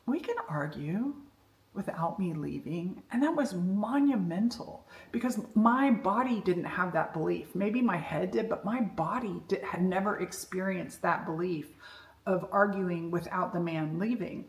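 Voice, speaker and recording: A woman's voice: medium pitch, moderate pace. Candid woman in an echoey room. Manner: candid, storytelling, frank with occasional swearing. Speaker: self-development speaker. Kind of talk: personal reflective monologue.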